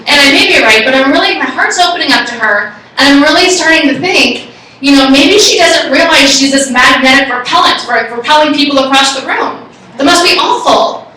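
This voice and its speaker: A woman giving a live talk to an audience and telling a personal story in an excitable, animated way. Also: high-pitched, a little fast. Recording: echoey room, far from the mic.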